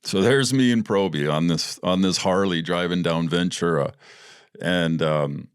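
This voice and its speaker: A man's voice: low-pitched, a little slow, smooth, no echo, studio quality. A man hosting a podcast, telling personal stories in a casual, blunt, profane way and laughing as he goes. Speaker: podcast host. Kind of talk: casual storytelling.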